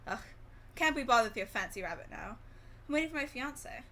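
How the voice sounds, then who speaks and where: A woman's voice: fairly high pitch, lively intonation, quick pace, sharp tone, slight background noise. A woman voicing a haughty older aunt, quoting her in a breezy, dismissive way.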